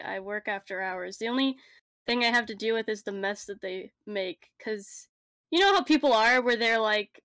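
Janitor lady on a podcast, bright sharp voice, laughs a lot, dry close sound. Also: a little high, smooth, no echo. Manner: joking, laughs often. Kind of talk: casual chat.

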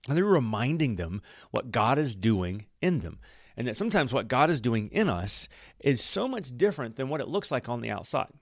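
A man hosting a podcast and teaching the Bible in a relaxed, conversational way, often correcting himself mid-sentence. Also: medium pitch, moderate pace, creaky, no room sound, clean studio sound. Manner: warm, conversational storytelling with self-corrections.

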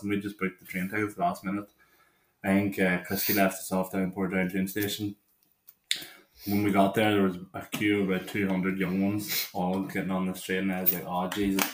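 A Northern Irish man in his twenties co-hosts a casual chat and rambles through his stories. His voice sits fairly low, and the room gives a roomy echo. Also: a little hiss or hum. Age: 20s. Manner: rambling, laughing anecdotes with lots of "like". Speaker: podcast co-host.

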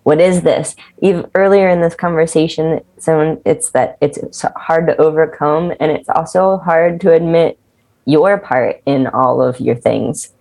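A woman's voice: low voice, normal speed, creaky. Candid, swearing woman in casual talk. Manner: candid, animated, swears freely. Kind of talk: casual conversation.

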